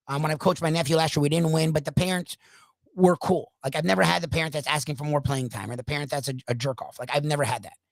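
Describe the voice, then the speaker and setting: Radio host guy ranting, kinda gravelly, dry close mic, acts out what people said. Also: a little high, fairly bright tone, no room sound. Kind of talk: casual rant on a talk show.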